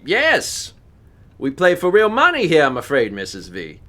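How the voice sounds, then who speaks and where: A man voicing a cheerful, gossipy British gentleman in a plummy put-on British accent. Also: fairly high pitch, wildly swooping pitch, unhurried, voice pushed up, heavily acted. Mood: brisk. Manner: jolly, plummy, chatty.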